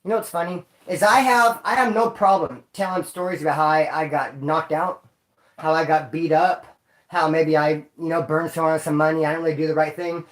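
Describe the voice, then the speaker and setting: A man hosting a livestream, telling stories in casual slang, rambling and repeating himself. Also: on the high side. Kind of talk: casual storytelling. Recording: roomy echo.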